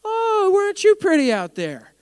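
Male preacher doing a haughty, sarcastic queen, voice pitched up high and sneering. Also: expressive, fairly quick, sharp tone, dry recording, clean studio sound, in a large hall, full character voice. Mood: mocking. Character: proud sarcastic royal wife, mocking.

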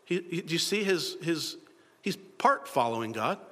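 Animated preacher in a reverberant hall. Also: male voice, on the high side, moderate pace. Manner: animated, acts out biblical dialogue in voices. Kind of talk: sermon.

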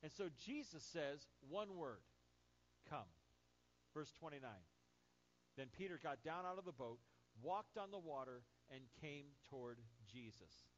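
A man's voice: on the high side, a little slow. A man preaching a Sunday sermon as pastor, acting out the lines of the people in the Bible stories. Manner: animated, acts out Bible quotes. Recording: dull lo-fi church recording with faint hum.

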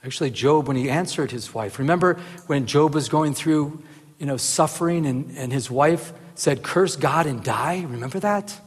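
A man's voice: fairly high pitch, moderate pace, husky. A man giving a casual Bible teaching, earnest, with many rhetorical "remember?" questions. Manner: earnest, rises into animated emphasis, often asks "remember?". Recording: reverberant hall.

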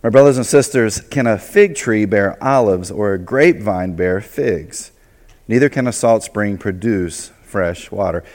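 A man preaching a sermon as pastor, in a loose, conversational way, acting out quick asides. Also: fairly low pitch, darkish tone, big-room sound. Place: church sanctuary.

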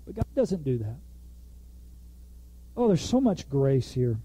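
A man's voice: high voice, slow pace, pauses often, no room sound. A man preaching a sermon in a conversational way, now and then acting out the people in the text. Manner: conversational, animated, acts out quoted lines.

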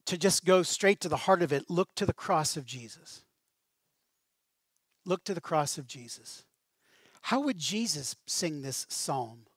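A man preaching a sermon as pastor, with a conversational, animated style and casual asides. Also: fairly high pitch, a little slow, pauses often, husky, no room sound.

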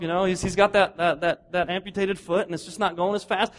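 A middle-aged male pastor with a high voice delivers a relaxed, conversational sermon. He talks casually with lots of restarts and slips into lively little voices for the people in his examples. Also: a little fast. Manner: conversational, animated, acts out voices of runners.

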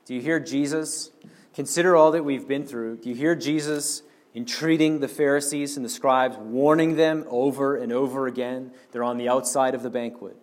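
A man's voice: medium pitch, fairly even intonation, normal speed. A man preaching a sermon, earnestly explaining and speaking directly to the congregation.

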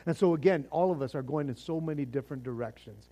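A man's voice: on the high side, fast talker, mellow. A man preaching a sermon as pastor, fervent and casual, often repeating words as he restarts.

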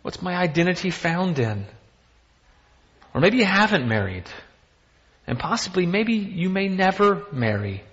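A man's voice: a little high, fairly bright tone. Man preaching with questions in a hall. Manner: conversational, rhetorical questions, self-deprecating asides. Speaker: pastor. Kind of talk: sermon. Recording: dull sound with long reverb from a hall.

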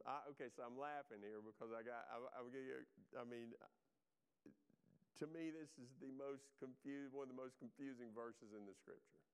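A man preaching a sermon, talking straight to his congregation in an animated way, his voice rising and falling widely in pitch and loudness. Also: clean tone. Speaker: pastor.

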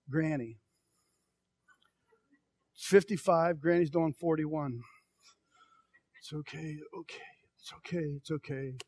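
A middle-aged male pastor preaching a sermon in a folksy, storytelling way, moving from soft, slow, hushed passages to loud, emphatic calls. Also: on the high side, creaky, no room sound. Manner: folksy, tells personal stories.

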